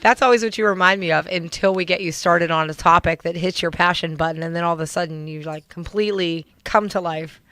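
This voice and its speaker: A woman's voice: lowish voice, fairly quick, few pauses, fairly bright tone, no room sound. A middle-aged woman hosting a radio show, chatting casually and teasing her guest. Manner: chatty, teasing, laughs easily. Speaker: radio DJ host.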